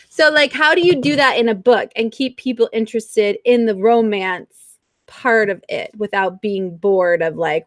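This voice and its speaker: A woman's voice: mid-range voice, measured pace, no echo. Playful woman co-host, dry sound. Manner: playful, asks questions. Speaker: podcast co-host. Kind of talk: casual chat.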